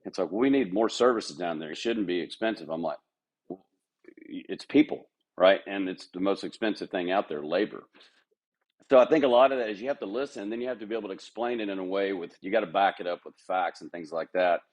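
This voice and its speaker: A middle-aged man with a fairly low voice, chatting candidly on a podcast. He tells workplace stories and slips into quick impressions of people he quotes. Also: darkish tone. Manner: candid, storytelling, mimics others' voices. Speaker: golf club manager, podcast guest. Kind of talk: casual interview chat.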